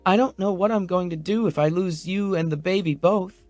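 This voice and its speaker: A man voicing an anxious, emotional young pregnant woman in an audiobook, her voice soft and wobbly. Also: sits high, brisk, faint music behind, voice pushed up, natural voice. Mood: tearful. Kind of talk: audiobook character voice.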